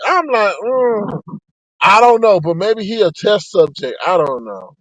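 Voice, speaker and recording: A man giving sassy, animated live-stream commentary to his chat. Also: unhurried, no echo, muffled recording. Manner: sassy and animated, with sharp pitch swings.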